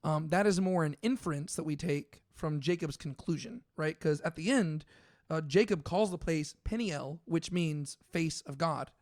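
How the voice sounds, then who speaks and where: A man's voice: fairly high pitch, moderate pace, a little mellow, dry recording, studio quality. A man co-hosting a casual Bible discussion, thinking aloud with plenty of fillers and restarts. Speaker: podcast co-host.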